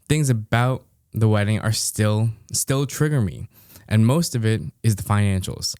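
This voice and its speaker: Man, low voice, dry close mic, reads a story aloud with a laugh. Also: a little mellow, clear, resonant tone, no room sound. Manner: dry, amused, laughs often while reading. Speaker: podcast co-host. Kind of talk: reading a listener story aloud.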